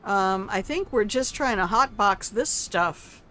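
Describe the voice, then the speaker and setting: A woman's voice: mid-range voice, animated, slow, pushed and bright. An older woman streaming a video game, chatting casually with viewers in a salty, teasing way and swearing freely. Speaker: gaming streamer. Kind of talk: casual gameplay commentary.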